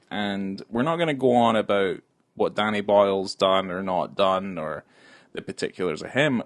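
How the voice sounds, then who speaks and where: A man's voice: lowish voice, dry recording. A man co-hosting a casual film podcast, rambling and jokey with lots of fillers. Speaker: podcast co-host.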